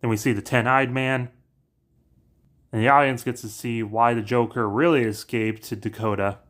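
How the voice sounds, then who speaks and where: A man casually narrating a plot recap in a brisk, offhand way. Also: medium pitch, steady tone, a bit bright. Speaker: narrator pitching story ideas.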